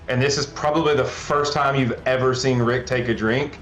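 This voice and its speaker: A man's voice: mid-range voice, steady tone, moderate pace, a bit bright. A man playing a tabletop role-playing game, describing what his character does. His voice is mid-range, and he starts and restarts his sentences as he goes. The room sounds echoey, with faint music behind. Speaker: player. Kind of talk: casual tabletop play.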